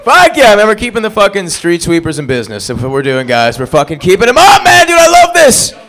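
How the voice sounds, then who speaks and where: A man doing stand-up comedy, hyped and shouting, swearing a lot. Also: high voice, wildly swooping pitch, fast talker.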